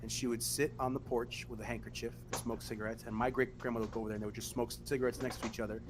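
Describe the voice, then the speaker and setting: A man hosting a podcast, telling animated, profane family stories in casual chat. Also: medium pitch, very fast, background noise. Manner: animated, profane, acts out quotes. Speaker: podcast host.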